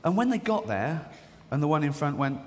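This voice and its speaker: His voice on the high side, sing-song and a little fast, an English comedian in his forties works a large theatre stage, joking, swearing freely and acting out characters in silly voices. The live stage-mic recording has long hall reverb and audience laughter.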